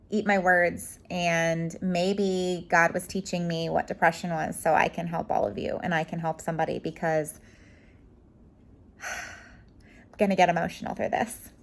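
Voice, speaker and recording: A woman's voice: fairly low pitch, level tone, a little slow, creaky, fairly bright tone. A woman in her thirties telling a personal story to camera at home, bubbly and chatty but emotional, with lots of "like" and restarts. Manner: bubbly, rambling, emotional, talks with her hands in words like "like". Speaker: home organizing vlogger. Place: home room with a curtain.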